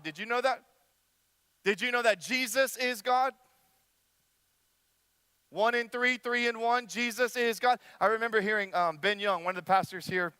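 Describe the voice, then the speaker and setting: Animated bright-voiced young preacher. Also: male voice, high-pitched, no echo. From United States. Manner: animated, acts out quoted voices, talks straight to the crowd. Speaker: young adult ministry pastor. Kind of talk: sermon.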